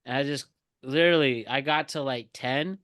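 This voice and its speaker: A man's voice: mid-range voice, normal speed, a bit bright, smooth, no echo, studio quality. A man co-hosting a podcast in casual chat, teasing and laughing often. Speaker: podcast co-host.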